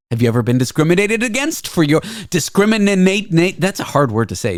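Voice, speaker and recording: A man's voice: fairly high pitch, big pitch swings, fairly quick, few pauses, dry recording, studio quality. A man hosting a radio show in casual chat, easygoing and hesitant, often repeating words.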